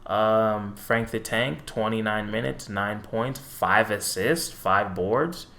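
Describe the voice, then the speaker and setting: A young man hosting his own basketball fan channel, talking casually in an animated, profane, petty rant with sarcastic asides. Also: lowish voice, slow, gravelly.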